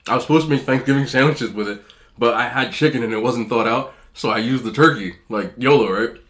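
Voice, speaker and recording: A man's voice: medium pitch, a little fast, a bit bright. A man with a slightly nasal voice, chatting casually and rambling while he eats on camera. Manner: rambling, chatty, talks between bites. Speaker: food vlogger. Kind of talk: casual mukbang chat while eating.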